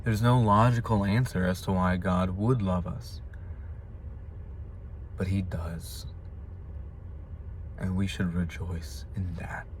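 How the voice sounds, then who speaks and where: A young man vlogging a personal faith reflection, earnest and confessional, now and then flaring into loud, impassioned outbursts. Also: low voice, fairly even intonation, takes it slowly, pauses often, noisy background.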